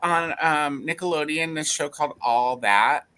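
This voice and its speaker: A woman's voice: measured pace, clear, resonant tone. A woman hosting a casual group video chat, laughing often as she talks. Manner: giggly, laughs often, lively pitch. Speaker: livestream host.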